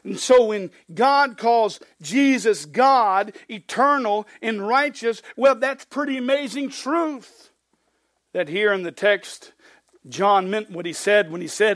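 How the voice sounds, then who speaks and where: A male pastor with a high-pitched voice preaches verse by verse. He reads scripture with swelling emphasis, then slips into plainspoken, folksy asides. The sound is dry and close. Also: slow, fairly bright tone, dry recording. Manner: emphatic, reads scripture aloud with rising force. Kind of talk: expository sermon.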